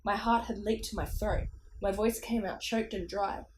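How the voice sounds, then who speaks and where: A woman narrates a spooky children's book, taking it in short, measured phrases. The pitch sits in a middle range. A faint hiss runs under the home recording. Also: fairly even intonation, rough recording. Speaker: audiobook reader. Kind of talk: amateur storybook narration.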